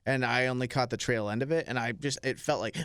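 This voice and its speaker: Smooth-voiced man, wry co-host. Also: mid-range voice, fast talker, fairly bright tone, no room sound, studio quality. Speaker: radio show co-host. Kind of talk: casual chat.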